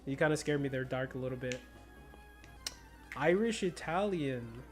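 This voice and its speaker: A young man from the United States with a slight Spanish-influenced accent streams a game, chatting in a laid-back, slangy way and laughing often. His mid-range voice is animated and moderately paced, over soft background music.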